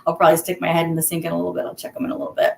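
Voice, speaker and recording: A woman's voice: lowish voice, monotone, racing, creaky, darkish tone, roomy sound. A middle-aged woman hosting a casual live stream from home, talking to viewers by name and laughing easily. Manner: chatty, talks to viewers by name, laughs often.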